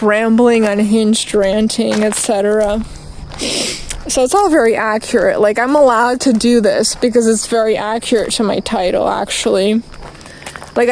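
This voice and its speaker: A woman streaming outdoors, delivering a rambling, profane rant and quickly getting angry. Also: fairly high pitch, a little mellow, a little hiss or hum, poor audio. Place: outdoors, walking past litter and traffic.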